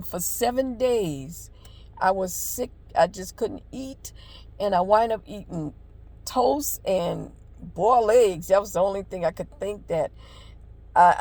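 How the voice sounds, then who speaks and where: A woman's voice: mid-range voice, darkish tone. An older woman tells a heartfelt, rambling personal story and offers faith-based encouragement, with many fillers. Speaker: devotional vlogger. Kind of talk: casual personal testimony with encouragement.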